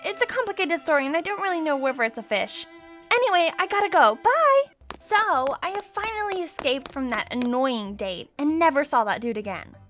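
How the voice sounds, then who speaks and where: A young woman narrating her own animated story with a dramatic, exclamatory and sarcastic delivery. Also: high-pitched, a little fast, hardly any pauses, soft background music.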